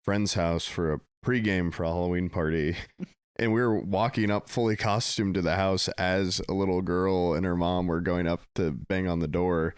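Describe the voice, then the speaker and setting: Deep-voiced man telling stories on a podcast. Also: steady tone, moderate pace, smooth, no echo, clean studio sound. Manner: laid-back storytelling with profanity and acted-out quotes. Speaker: podcast co-host. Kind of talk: casual chat.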